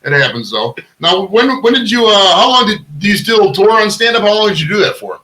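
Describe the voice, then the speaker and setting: A man's voice: high voice, big pitch swings, brisk, sharp tone, rough recording. A man hosting a podcast interview, asking loose, chatty questions full of filler words. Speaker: podcast host. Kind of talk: casual interview.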